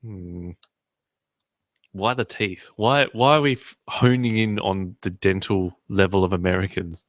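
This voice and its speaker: A man's voice: deep voice, measured pace, dry recording, studio quality. A man hosting a podcast in casual chat, cracking irreverent jokes. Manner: joking, irreverent banter. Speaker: podcast host.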